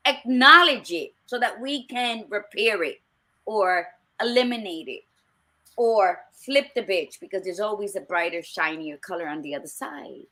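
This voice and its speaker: A woman's voice: mid-range voice, lively intonation, measured pace, sharp tone. A middle-aged woman co-hosting a podcast, talking bluntly and emphatically with frequent swearing. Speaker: podcast co-host. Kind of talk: casual chat.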